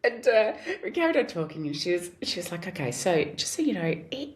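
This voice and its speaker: This woman in her forties, a guest actor, talks briskly in a lowish voice. She tells stories with animation in a casual chat and laughs frequently.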